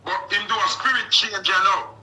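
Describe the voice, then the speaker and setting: Bright Jamaican man talking on radio. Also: high-pitched, brisk, low-quality recording. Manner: animated patois storytelling, frequent "you see me?". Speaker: radio host. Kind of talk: casual radio talk. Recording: radio studio mic.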